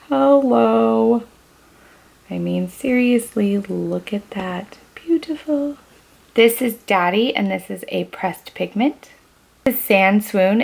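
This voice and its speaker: Gushing woman with a creaky voice. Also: fairly low pitch. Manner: gushing, enthusiastic, listing shade names. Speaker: beauty vlogger. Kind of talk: casual makeup collection show-and-tell.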